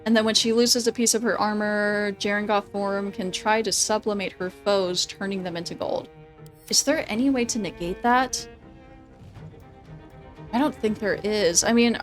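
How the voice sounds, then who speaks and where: A woman's voice: medium pitch, moderate pace, faint music behind. Chatty woman streaming a game. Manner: chatty, laughs often, swears casually; thinks out loud through tactics. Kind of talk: casual gameplay commentary.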